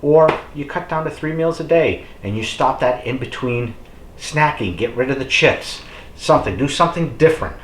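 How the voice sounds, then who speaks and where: This middle-aged fitness vlogger has a medium-pitched, slightly bright voice with lively intonation and a moderate pace. He chats to camera in a roomy-sounding space with slight background noise, rambling with fillers and cheering on his viewers as "folks."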